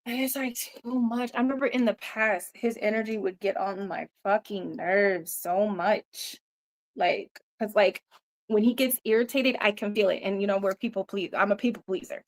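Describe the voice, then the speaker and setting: A woman's voice: mid-range voice, fairly even intonation, moderate pace. A woman hosting a casual livestream, rambling loosely with lots of swearing, laughter and "you know" fillers. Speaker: livestream host. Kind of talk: casual live-stream chat.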